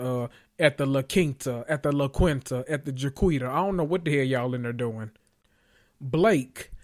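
Sassy profane man recapping reality TV. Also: on the high side. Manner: rambling, sassy, laughs at his own jokes. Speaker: host of a reality TV recap show. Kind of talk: casual profane commentary.

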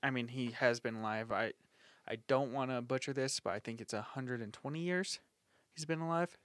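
A man co-hosting a chatty podcast, reading facts aloud between laughs. His voice sits at a middle pitch, recorded close and dry with no room sound. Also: a little fast, fairly bright tone, dry recording. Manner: reads facts from notes, laughs often. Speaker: podcast co-host. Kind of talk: casual chat, reading notes.

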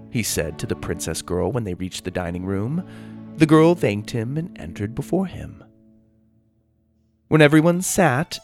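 A man narrating a children's story in an animated, expressive way. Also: fairly low pitch.

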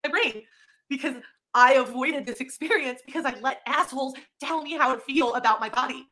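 A woman speaking in a vlog confession, passionate and upset. Her voice sits high and sounds bright and tense. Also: a little fast.

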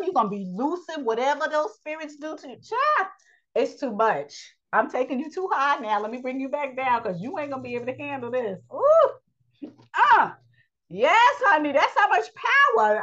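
Lively woman preaching a Bible lesson. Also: a little high, dull audio. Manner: lively preaching, calls listeners "child" and "honey"; Southern-style vernacular, repeats phrases. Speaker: Bible teacher.

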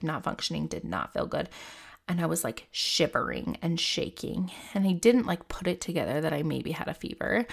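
A woman's voice: fairly low pitch, gravelly. A woman in her thirties telling a personal story in a casual, rambling, candid way, full of "like" fillers.

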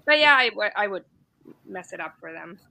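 A woman's voice: mid-range voice, normal speed, vocal fry, slight background noise, low-quality recording. A woman in her forties, from East Germany and, telling stories in a casual talk as a guest veteran. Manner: storytelling, laughs often, animated. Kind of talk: casual chat on a live stream.

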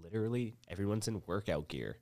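A man's voice: lowish voice, animated, quick pace, a crowd in the background. A man chatting casually as a podcast guest, blunt and swearing freely. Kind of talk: casual chat.

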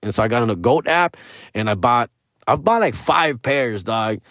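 A man ranting in casual, profane slang and dropping Spanish phrases, his pitch jumping up and down as he talks. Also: lively intonation, moderate pace, fairly bright tone, no room sound, clean studio sound. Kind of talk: casual rant.

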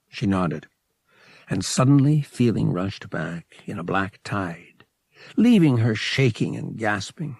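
A man narrates a novel in a low, gravelly voice. His storytelling is measured and expressive, with a slightly husky edge. The sound is dry and close. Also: dry recording. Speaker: audiobook narrator.

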